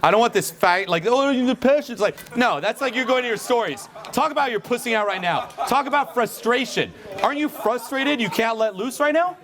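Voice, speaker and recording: A man's voice: very high voice, lively intonation, fairly quick, few pauses, a bit bright. A man coaching someone through a speech, blunt, pushy and full of swearing. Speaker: speaking coach. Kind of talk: live coaching session.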